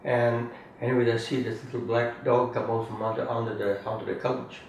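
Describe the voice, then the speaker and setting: A man's voice: medium pitch, little pitch movement, a little fast, darkish tone. Older man, chuckling storyteller, roomy sound. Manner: rambling, chuckling, ends phrases with "eh?". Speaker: family storyteller. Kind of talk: casual reminiscing. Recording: roomy, distant mic, faint room noise.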